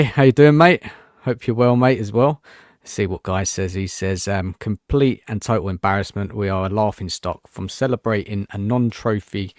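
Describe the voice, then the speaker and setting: A man's voice: lowish voice, no room sound, studio quality. A man hosting a casual football fan live show, chatty and greeting viewers, saying "mate" often. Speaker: host.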